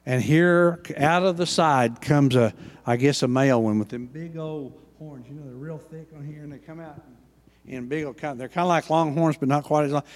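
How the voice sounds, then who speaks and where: Older pastor, fiery sermon, moves from loud to hushed, slightly high voice. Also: male voice, normal speed. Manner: impassioned preaching, swings from loud to hushed.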